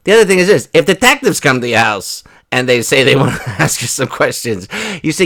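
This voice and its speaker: Brief: male commentary host, mid-pitched, jokey, acts out dialogue in casual talk. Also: lively intonation, a bit bright, no room sound. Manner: joking, acts out dialogue in quick bursts.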